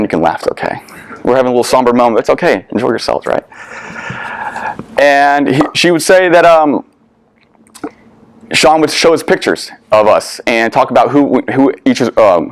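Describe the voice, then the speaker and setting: A man's voice: mid-range voice, no room sound. A young adult man, a veteran, telling a personal story to an audience in an earnest, candid way with casual swearing. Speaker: veteran speaker.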